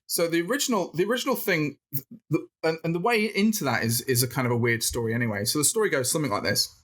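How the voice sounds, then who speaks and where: A man from the north of England, a podcast guest telling a rambling, animated story with restarts and laughs in casual chat. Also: mid-range voice, fast talker.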